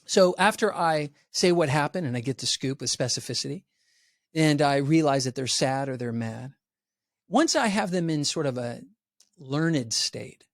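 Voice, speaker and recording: A man's voice: on the high side, lively intonation, moderate pace, no room sound. A man giving a podcast interview as a resilience educator, talking with energy and acting out the voices of the people he quotes. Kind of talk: animated podcast talk.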